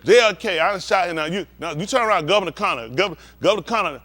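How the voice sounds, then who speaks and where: A man's voice: high voice, lively intonation, fast talker, pushed and bright. A male pastor preaching bluntly and profanely, heated and confrontational, acting out scenes with volunteers from the congregation.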